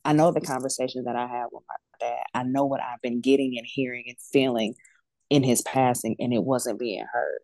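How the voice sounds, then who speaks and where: Woman in her forties, gravelly low voice, dry close sound, emphatic casual storytelling. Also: steady tone, a little fast, mellow, no echo. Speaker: death doula guest.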